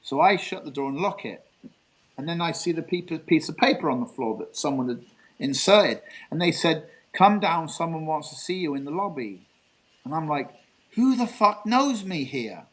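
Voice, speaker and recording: A guest from England with a fairly high voice tells a long, rambling story in a casual storytelling interview at a normal speed. He repeats himself and swears, and the recording is rough.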